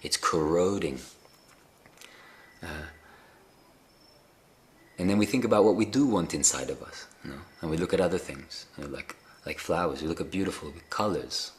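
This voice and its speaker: A man giving a gentle, unhurried spiritual talk on a live video call, often pausing with fillers and restarting his sentences. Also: sits low. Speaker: spiritual teacher.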